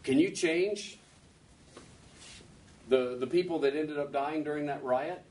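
A man's voice: a little high, a little slow, darkish tone. A man preaching a sermon in a conversational way, asking his listeners question after question. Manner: conversational, asks rhetorical questions. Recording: distant mic with faint background noise.

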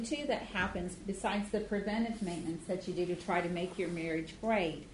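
Woman co-teaching a marriage class, earnest and plain-spoken, echoey room with faint room noise. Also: medium pitch. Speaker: marriage workshop co-leader. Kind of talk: casual class talk.

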